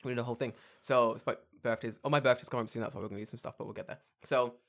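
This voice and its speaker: A man's voice: mid-range voice, racing. Swearing, storytelling man, casual chat. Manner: swearing, animated storytelling with mocking put-on voices.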